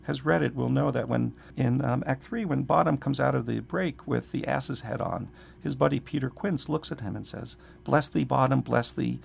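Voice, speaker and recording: A man's voice: medium pitch, gravelly. A middle-aged man, a literature professor, talking in a thoughtful, digressive way in an interview, his voice a little scratchy. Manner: thoughtful, digressive, slows to read aloud. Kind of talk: conversational interview.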